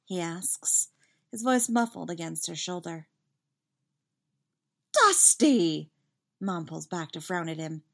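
A woman reading a fan story aloud with lively, expressive narration. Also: fairly low pitch, moderate pace, creaky, few pauses. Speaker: fanfiction reader.

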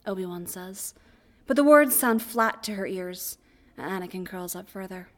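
Quiet woman reading a story aloud. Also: medium pitch, animated, normal speed. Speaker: narrator. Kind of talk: audiobook reading of fan fiction.

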